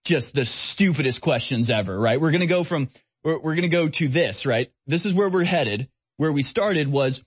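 A man's voice: on the high side, lively intonation, moderate pace, slightly rough, dry recording. A man hosting a talk radio show, speaking in a sarcastic, mocking and scornful way as he rants and takes calls. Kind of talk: opinionated talk radio monologue.

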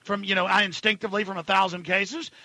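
A male radio talk show host ranting at callers, dropping to a low mutter and then shouting. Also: flat delivery, fast talker, dry recording.

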